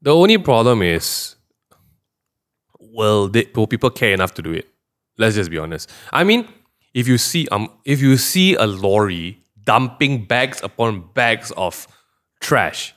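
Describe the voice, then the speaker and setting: A Malaysian man talking on a casual podcast, his pitch swinging widely as he gets animated. He slips into quick impressions of the people he is describing. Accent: Malaysian English. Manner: animated, mimics people in Manglish asides.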